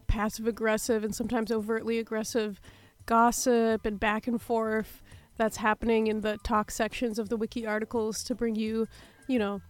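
A woman co-hosting a morning radio show, talking in an amused, rambling, self-aware way. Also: on the high side. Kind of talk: casual morning radio chat. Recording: studio radio with music bed.

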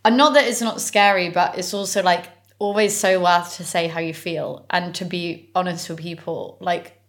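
A woman's voice: lowish voice, fairly even intonation, moderate pace. A woman co-hosting a podcast from London in casual chat, giggly and full of fillers. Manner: chatty, giggly, many fillers. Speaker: podcast co-host.

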